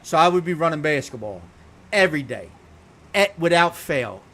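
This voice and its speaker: While streaming a game, a man tells a long story casually, swearing freely and speaking bluntly in an animated, unfiltered way. His voice is a little high, at a normal speed.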